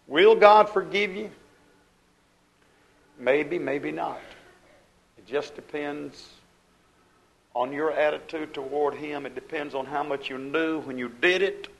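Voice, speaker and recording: Male pastor, fiery sermon delivery, slightly high gravelly voice. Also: fairly bright tone, low-quality recording. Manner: preaching with swelling emphasis and quoted scripture.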